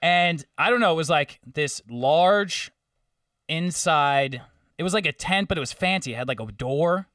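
A man telling a long story in casual podcast chat, animated, swearing and mimicking the people he met. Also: a little high, measured pace, no echo, clean studio sound, recorded from a distance.

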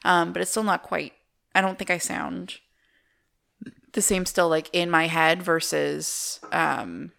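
A woman co-hosting a podcast in casual chat, with a soft, smooth voice, chatty and prone to tangents. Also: fairly low pitch, takes it slowly. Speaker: podcast co-host.

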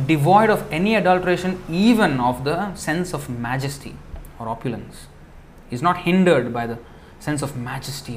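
A man's voice: on the high side, slight background noise. A man teaching a scripture class in a conversational way, explaining terms and checking in with listeners. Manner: conversational, asks rhetorical checks; explains word meanings while reading. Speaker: spiritual teacher.

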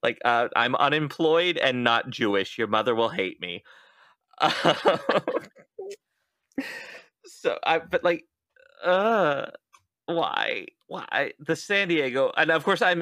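A young adult man hosts a casual podcast chat and tells his story with lively energy. He acts out every quoted line. His voice is bright and forward, and it is recorded close and dry. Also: mid-range voice, dry recording. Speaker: podcast host.

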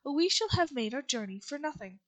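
Woman reading earnest young girl, polite, high voice, storybook. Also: very animated, brisk. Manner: earnest, polite, lifted pitch. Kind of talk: audiobook reading.

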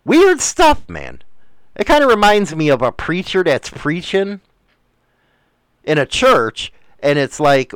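A man's voice: on the high side, huge pitch swings, slow, a bit bright, clear, resonant tone, dry recording. A middle-aged man hosting a radio show, rambling bluntly and swearing freely in a casual monologue.

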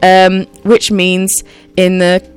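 A woman's voice: lowish voice, completely flat delivery, slow, faint music behind. A woman on a casual radio chat show, quizzing the others in a chatty way. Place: radio studio.

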